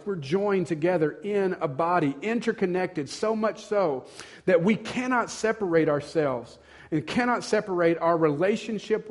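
A male pastor, preaching an earnest sermon that builds to emphatic passages. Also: sits high.

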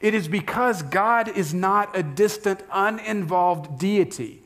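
A man's voice: sits high, takes it slowly, fairly bright tone, soft background music. A man preaching a sermon as pastor, speaking conversationally and putting questions to the congregation.

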